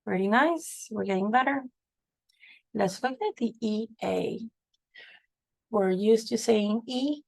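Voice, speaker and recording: Woman, phonics teacher, very slow, gravelly edge, dry close sound. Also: mid-range voice, no room sound, rough recording. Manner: patient, sounds out words slowly. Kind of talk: slow spelling lesson.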